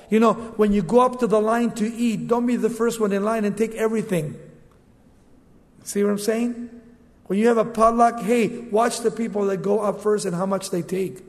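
High-voiced preacher in a reverberant hall. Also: male voice. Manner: animated, acts out the Bible figures in quick asides. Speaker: pastor. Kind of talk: sermon. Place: church. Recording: long reverb of a church hall.

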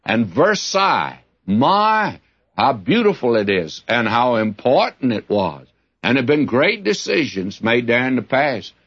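A man's voice: medium pitch, big pitch swings, unhurried, a bit bright, breathy edge. A man teaching the Bible in a folksy, conversational sermon, asking rhetorical questions as he goes. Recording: dull lo-fi broadcast recording.

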